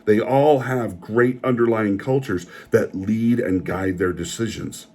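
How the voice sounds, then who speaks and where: A man's voice: lowish voice, measured pace, darkish tone. A man delivering an opinionated, indignant rant as a film reviewer, often repeating himself.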